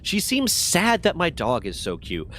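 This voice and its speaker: A man's voice: on the high side, wildly swooping pitch, a little slow, fairly bright tone. A man casually telling a long story to a live chat, rambling and self-deprecating with lots of fillers.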